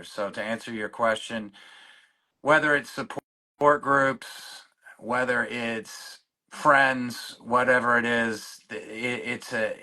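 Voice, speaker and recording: Bright-voiced man telling his recovery story. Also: mid-range voice. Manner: halting, many restarts, openly emotional. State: choked up. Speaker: guest in recovery. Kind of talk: personal storytelling in conversation.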